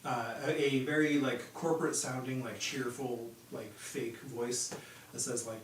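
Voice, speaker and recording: A man's voice: mid-range voice, unhurried. Man, game master, loose rambling narration, roomy echo, far from the mic, noisy background. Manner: relaxed, filler-heavy narration with many ums and likes. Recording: echoey room from far off with background noise.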